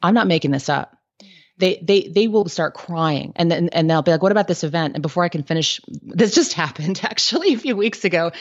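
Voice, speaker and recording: A woman guest giving candid business advice in a podcast interview, telling lively stories with lots of "like" and "um". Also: fairly low pitch, brisk, dull audio. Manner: candid, lively storytelling with frequent "like" and "um".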